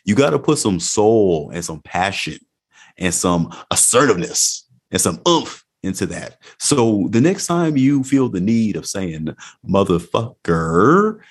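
A man's voice: fairly low pitch, big pitch swings, a little slow, slightly rough. A man hosting a casual chat, joking and crude in a laid-back way.

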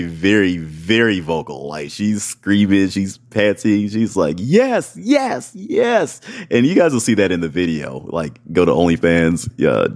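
A man hosting a podcast, telling a story in casual, rambling talk full of fillers, often checking in with "right?" and "y'all". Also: deep voice. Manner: rambling, filler-heavy, keeps asking "right?"; addresses listeners as "y'all". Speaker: podcast host.

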